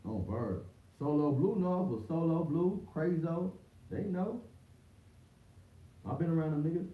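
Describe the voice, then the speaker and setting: A man's voice: on the high side, expressive, a little slow. Slangy man on a roomy lo-fi stream. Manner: slangy, rambling, repeats words and restarts often. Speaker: livestream host. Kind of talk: casual livestream talk. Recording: distant roomy, dull lo-fi mic with faint hiss.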